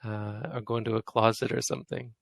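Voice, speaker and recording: A man's voice: lowish voice, flat delivery, fast talker, creaky, no echo, rough recording. A man teaching an online language class, patiently saying vowel sounds aloud over and over for his students to copy. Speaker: Pali teacher. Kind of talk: online language lesson, demonstrating pronunciation.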